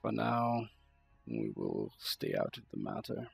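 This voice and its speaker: A man's voice: rumbling low, huge pitch swings, slow, creaky, husky, soft background music. A man narrating a tabletop role-playing game as game master, rambling loosely with many fillers.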